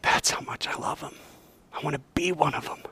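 A man playing a friendly young man who talks like a close buddy, bursting with excitement. The pitch leaps around and the sound is dry and near. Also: fast, no room sound, exaggerated voice. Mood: tender. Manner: casual, excited, dude-like.

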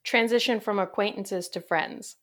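A woman hosting a casual podcast chat, chatty and upbeat, quick to laugh. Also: medium pitch, a bit bright. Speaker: podcast host.

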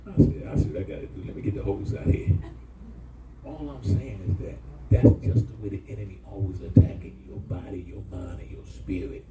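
A middle-aged man pastor, preaching an animated sermon with call-and-response to his congregation. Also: lowish voice, gravelly, distant mic. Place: church hall. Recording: echoey church room, mic from afar, congregation.

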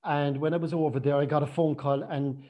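A man telling a personal story in a chatty, animated way, often acting out what people said. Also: on the high side, brisk, dull audio. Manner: chatty, animated retelling with acted quotes.

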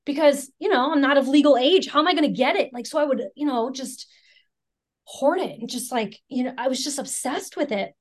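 A young American woman with a somewhat higher voice speaks in a candid personal testimony. She talks frankly and with self-deprecating humor. Her speech is loose and conversational, full of "you know" and "right". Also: a little fast. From Chicago area, United States. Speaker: speaker sharing recovery story.

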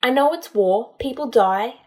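A woman reading a storybook, voicing a distraught young witch healer who talks in a halting, tearful way. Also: a little high, warm tone, pitched above the performer's own voice, lightly acted. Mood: anguished.

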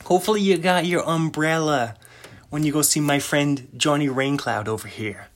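A man's voice: a little high, normal speed, pitched above the performer's own voice, lightly acted. A man putting on the voice of a boastful Italian-American mobster, swaggering and repeating himself in street grammar. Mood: menacing. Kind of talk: improvised comic impression.

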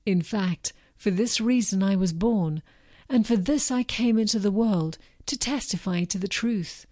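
A woman reading the lines of a calm male religious teacher in a plain, even manner. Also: medium pitch, a little slow, no room sound, studio quality, close to an everyday voice.

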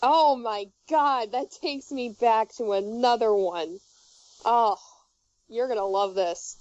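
A woman's voice: fairly high pitch, slow, darkish tone. Rambling giggly young woman, muffled audio. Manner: rambling, giggly storytelling with many fillers. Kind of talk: casual chat.

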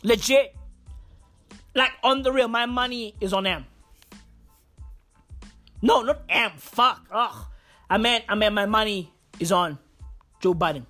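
A man's voice: high voice, measured pace, long pauses, bright, forceful tone, soft background music. A man hosting his own podcast, ranting casually in profane street slang, repeating lines and leaning on fillers. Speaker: podcast host. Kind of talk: casual solo rant.

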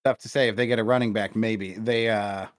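A young man with a somewhat low voice co-hosts a laid-back sports podcast. He rambles, swears freely and gets excited about his wins. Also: fairly quick. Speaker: podcast co-host. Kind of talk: casual chat.

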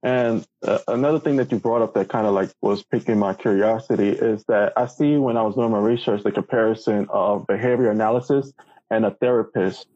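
A man's voice: lowish voice, fairly quick, mellow, slightly rough, no echo, muffled recording. A man hosting a podcast, asking long rambling questions full of fillers and restarts. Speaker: podcast host. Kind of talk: casual interview chat.

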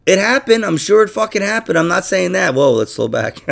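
A man hosting a podcast in casual chat, profane and animated, laughing through his asides. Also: high-pitched, brisk, vocal fry. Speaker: podcast host.

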